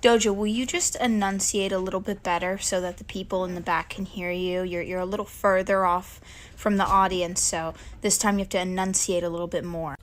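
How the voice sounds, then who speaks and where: A woman with a middle-pitched voice chats casually and pokes fun at herself. Faint noise sits behind her. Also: fairly even intonation, a little fast. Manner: casual, chatty, self-deprecating.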